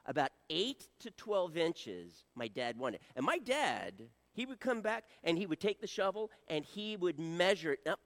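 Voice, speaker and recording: A man's voice: sits high, very animated, unhurried, few pauses, a bit bright. A middle-aged man preaching a folksy storytelling sermon, joking with his audience.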